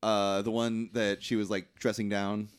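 A man co-hosting a podcast, chatting casually about a film, with quick joking asides. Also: fairly low pitch, flat delivery, smooth. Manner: joking asides and short backchannels. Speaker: podcast co-host. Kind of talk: casual movie discussion.

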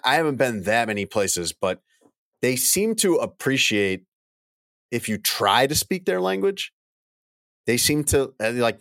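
A man's voice: mid-range voice, fairly bright tone, no echo, clean studio sound. A middle-aged man co-hosting a casual podcast chat, rambling and repeating phrases as he tells a travel story. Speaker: podcast co-host.

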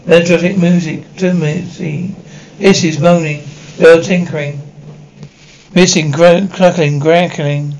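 Man, young adult, reading horror script aloud, reads sound cues, slips and restarts, fairly high voice. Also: low-quality recording. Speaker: reader of an episode script.

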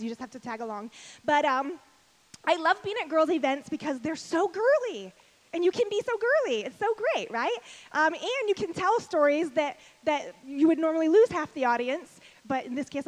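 A woman with a notably high voice giving a lively talk to a live audience. She talks fast and chatty, poking fun at herself. Her tone stays bubbly and conversational. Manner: fast-talking, chatty and self-deprecating. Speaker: speaker at a women's event.

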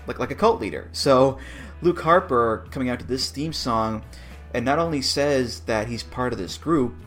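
This co-host has a medium-pitched, fairly bright voice and speaks at a normal pace, with soft music playing underneath. His podcast talk is relaxed and reassuring as he dissects wrestling theme songs.

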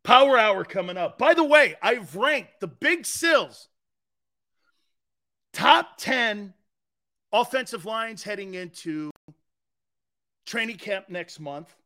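High, lively joking talk show host, a man. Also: takes it slowly, long pauses. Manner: joking, laughs often, rambling asides. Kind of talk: comedic sports talk.

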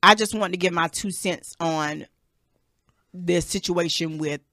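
A woman's voice: lowish voice, measured pace, pushed and bright, dry recording. A woman hosting a casual talk podcast in a small studio, blunt and exasperated, swearing freely as she talks. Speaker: radio and podcast host. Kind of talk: casual talk show banter. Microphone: studio mic.

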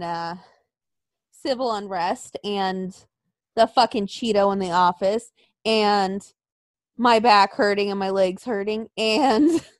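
A woman's voice: medium pitch, no room sound. A young woman in casual chat, telling stories with lots of profanity and acting out the people she quotes. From Arizona.

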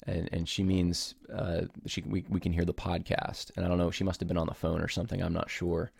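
Deep gravelly man, earnest podcast host. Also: level tone, a little fast, darkish tone, no echo. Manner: earnest, apologetic, rambling with many restarts. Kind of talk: casual podcast monologue. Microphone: home recording setup with camera.

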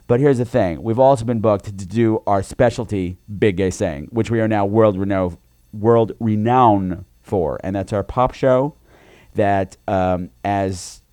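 A man co-hosting a podcast, telling a campy story in a casual, animated way. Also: fairly low pitch, measured pace, dry recording, clean studio sound. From New York. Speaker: podcast co-host. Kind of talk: casual chat.

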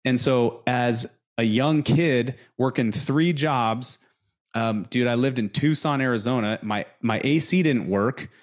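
Animated man telling stories casually. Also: mid-range voice, measured pace. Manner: animated storyteller, fillers like dude. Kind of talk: casual chat.

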